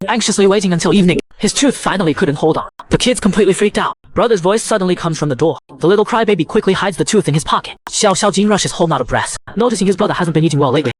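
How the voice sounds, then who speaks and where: A man narrating a comic story recap in a brisk, breezy scripted style. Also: high voice.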